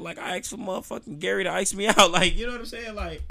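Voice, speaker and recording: A man's voice: high-pitched, fast, vocal fry, few pauses, bright, forceful tone, slight background noise. A man hosting his own podcast, ranting casually in a loose, profane, slang-heavy storytelling style. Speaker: podcast host. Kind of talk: casual solo podcast rant.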